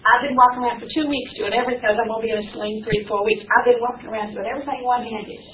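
A middle-aged woman gives a relaxed sermon, telling stories in a chatty, animated way and laughing often. Her voice sits a little high. The recording is thin and phone-like, with faint hiss underneath. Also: very fast. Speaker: church speaker. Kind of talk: informal sermon to a church group. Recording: tinny phone-like church recording.

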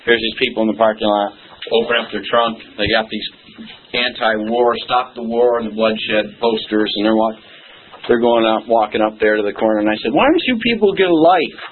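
A man's voice: fairly low pitch, monotone, normal speed, a little hiss or hum. Folksy male pastor, emphatic, lo-fi phone-quality church recording. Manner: emphatic, folksy preaching with repeated "okay?". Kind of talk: sermon.

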